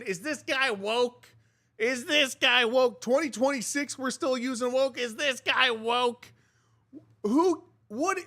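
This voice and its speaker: Bright, high-voiced man riffing on entertainment news. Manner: chatty, sarcastic asides to viewers. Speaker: news show host. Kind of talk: casual entertainment news commentary.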